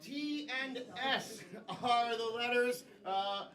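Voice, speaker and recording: A man hosting improv games on a comedy stage, playful and often laughing, with loud announcements. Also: very high-pitched, slow pace. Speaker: improv show host. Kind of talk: live improv game hosting. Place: comedy theater with live audience. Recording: distant mic, loud audience.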